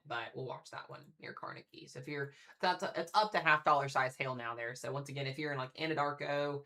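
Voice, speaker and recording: A man with a bright, forward voice hosts a live weather stream. He talks casually and chattily, breaking off from warnings to speak straight to people in the chat. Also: medium pitch. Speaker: livestream weather host. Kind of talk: live severe weather commentary.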